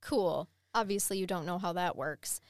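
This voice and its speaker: A woman's voice: fairly low pitch, moderate pace, dry recording, studio quality. Blunt woman telling a true crime story. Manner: blunt, swears freely. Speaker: podcast host.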